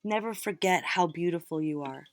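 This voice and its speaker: Soft-voiced woman giving tarot encouragement. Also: lowish voice, normal speed, no room sound, faint music behind. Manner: warm encouraging pep talk, direct address. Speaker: tarot reader. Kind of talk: casual tarot reading to viewers.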